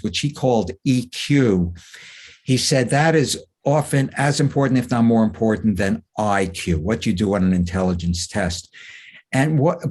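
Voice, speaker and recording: A man's voice: fairly low pitch, darkish tone, husky. An older man, a psychologist, speaking as a guest in a webinar, telling anecdotes in a conversational way with chuckles and restarts over a video call microphone.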